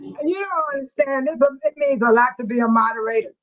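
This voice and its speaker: A woman's voice: sits high, animated, fast, rough recording. A woman hosting a casual live audio chat, laughing hard and breathless as she reads out listeners' comments, with speech. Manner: laughing hard through her words, breathless. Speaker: live audio room host.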